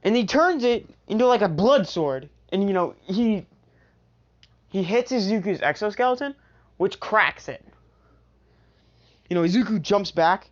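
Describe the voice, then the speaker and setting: Slow, rambling fan storyteller. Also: mid-range voice, expressive. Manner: rambling, full of filler asides. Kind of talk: improvised fan-fiction storytelling. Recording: dull lo-fi recording.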